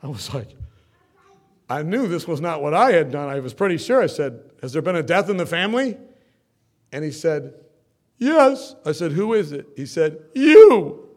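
A man preaching a sermon as pastor, swinging from loud emphatic bursts to soft storytelling. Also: a little high, very animated, moderate pace, pauses often.

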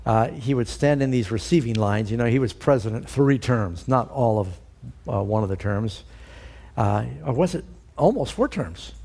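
Middle-aged guy preaching, chatty storyteller, lots of uh and um, normal pitch. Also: animated, normal speed, mellow. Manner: conversational storytelling with fillers. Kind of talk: sermon.

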